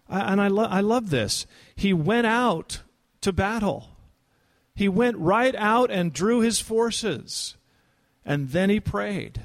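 Male pastor, slightly high voice, casual but earnest sermon delivery. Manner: conversational, earnest, rises in pitch for emphasis. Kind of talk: expository sermon.

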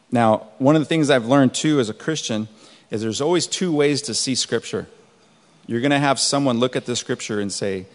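A man's voice: mid-range voice, moderate pace. Man preaching in an echoing hall. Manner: relaxed conversational preaching, chuckles at his own stories. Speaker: pastor. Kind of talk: sermon with storytelling. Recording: long hall reverb.

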